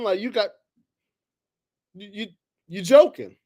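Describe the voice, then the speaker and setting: A man hosting a solo sports talk show, heated and exasperated, jumping from loud outbursts to low muttering. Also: expressive, a little slow. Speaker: sports commentary host.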